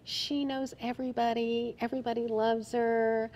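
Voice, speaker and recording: A middle-aged woman from New Jersey, telling stories as an interview guest in an animated, emphatic way. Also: on the high side, normal speed, a little hiss or hum. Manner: animated storyteller, expressive and emphatic. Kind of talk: casual interview chat.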